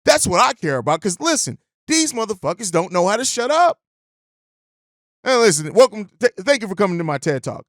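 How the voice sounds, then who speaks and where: High-voiced, profane podcast host. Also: male voice, big pitch swings, fairly quick, no room sound, studio quality. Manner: blunt, profane, fired up. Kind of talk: casual sports podcast rant.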